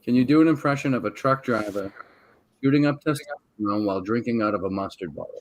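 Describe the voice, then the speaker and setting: A male podcast co-host who jumps in with dry, wry remarks. He speaks fast in a mid-pitched, conversational voice. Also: a little hiss or hum, poor audio. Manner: quick dry quips. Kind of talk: casual chat.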